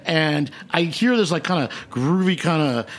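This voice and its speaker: A man hosting a radio show, telling travel stories in casual, joking chat. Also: on the high side. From New York. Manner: animated storyteller, fast, joking. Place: radio studio.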